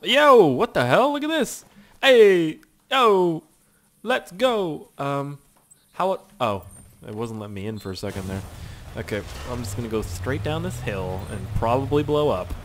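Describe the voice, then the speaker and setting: A man's voice: a little high, very animated, a little slow. Profane young man doing game commentary. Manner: loose, joking and profane. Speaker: gaming YouTuber. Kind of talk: gameplay commentary. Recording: game sounds and noise behind.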